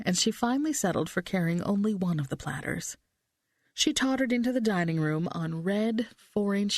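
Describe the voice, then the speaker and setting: A woman narrating a mystery novel as an audiobook in the first person, reading in a steady, measured way on a close studio mic. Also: on the low side, gravelly, no echo.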